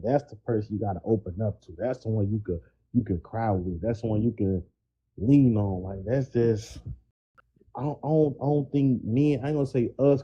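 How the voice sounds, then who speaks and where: Middle-aged male co-host, husky and preachy, muffled recording. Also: lowish voice. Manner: preachy, emphatic, keeps it real. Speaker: podcast co-host. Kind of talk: casual podcast talk. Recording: dull, muffled sound.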